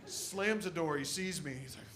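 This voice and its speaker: A stand-up comedian man from the American Midwest, telling animated stories about his family on a club stage. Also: on the high side, normal speed, noisy background. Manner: animated storytelling, shouting impressions of his dad.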